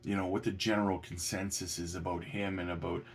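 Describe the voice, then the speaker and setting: A man talks through documents in a casual commentary. His voice sits low, but he rises sharply when something strikes him as outrageous. He is indignant and halting, full of restarts and fillers. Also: flat delivery, a little hiss or hum. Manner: indignant, rising to incredulous peaks. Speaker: crypto commentator.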